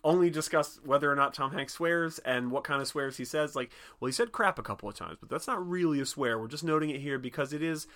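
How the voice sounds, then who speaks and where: Bright-voiced joking podcast guy. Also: on the high side, quick pace, hardly any pauses. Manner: animated, joking, swears often, laughs a lot. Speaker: podcast co-host. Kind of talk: casual chat.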